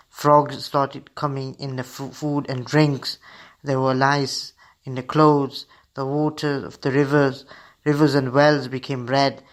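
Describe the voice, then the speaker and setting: A male radio host tells a story to children in a steady, read-aloud manner. His voice sits at a mid pitch, plain and even. He stumbles now and then over a word but keeps going. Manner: steady reading aloud with slips.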